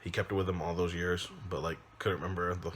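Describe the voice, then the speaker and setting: Man, very low voice, casual rambling film review, hesitant restarts. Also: little pitch movement, quick pace, fairly bright tone, a little hiss or hum. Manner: loose and rambling, many ums and restarts. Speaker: father; movie reviewer. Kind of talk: casual spoken movie recap.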